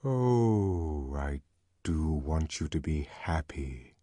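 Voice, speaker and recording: Guy putting on a soft low robot-ish crooner voice, slow and tender, pleading, audiobook, dry. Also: lively intonation, no room sound, full character voice. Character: synthetic soothing male baritone broadcast voice, tender.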